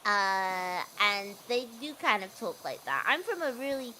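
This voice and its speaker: A woman's voice: medium pitch, sing-song, unhurried, sharp tone, a little hiss or hum. A woman from the North of England, chatting casually while streaming a game and often laughing. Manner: chatty, laughs often, reads game text aloud in a put-on voice. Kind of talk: casual chat over gameplay.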